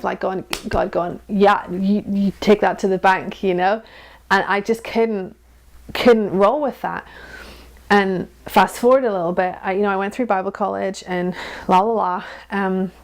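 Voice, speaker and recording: Woman in her thirties, interview guest; candid, lively, quick to laugh, mid-pitched voice. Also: vocal fry. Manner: frank, laughs often, animated storytelling. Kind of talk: candid personal conversation.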